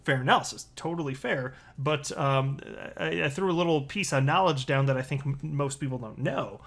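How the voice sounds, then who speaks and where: A man's voice: medium pitch, moderate pace, gravelly. A man hosting a casual crypto commentary video, reading tweets and headlines with sarcastic asides. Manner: sarcastic, animated, lots of asides.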